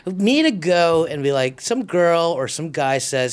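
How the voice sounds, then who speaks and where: A man who is not a comedian, joining a casual chat and giving animated hypothetical examples, a bit off-mic. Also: on the high side, a little slow, hardly any pauses, clean tone.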